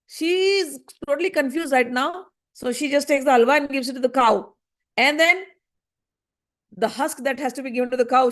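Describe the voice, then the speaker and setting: A woman teaching a scripture lesson, telling the story in an animated way and acting out the voices in it. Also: high voice.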